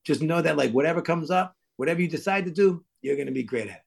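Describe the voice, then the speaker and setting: A man from Massachusetts, a stuntman and actor, telling lively stories as an interview guest and acting out the quotes. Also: on the high side, fast, creaky. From Worcester, Massachusetts. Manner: lively anecdotes full of acted-out quotes. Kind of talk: casual interview storytelling.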